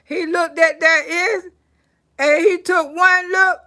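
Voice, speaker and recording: A woman telling stories and praying for her live chat, swinging from loud to soft. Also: very high-pitched, slow. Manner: animated storyteller, swings from loud to soft prayer. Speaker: comedian livestream host.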